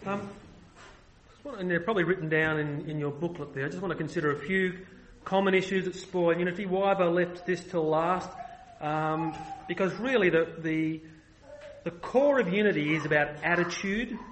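High-voiced man preaching a sermon. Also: moderate pace, a bit bright, a little hiss or hum, poor audio. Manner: earnest, emphatic, with frequent restarts.

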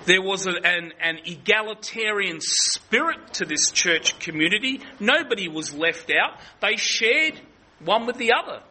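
A man's voice: high voice, expressive, unhurried, sharp tone, low-quality recording. A man preaching an earnest expository sermon, often restarting his sentences.

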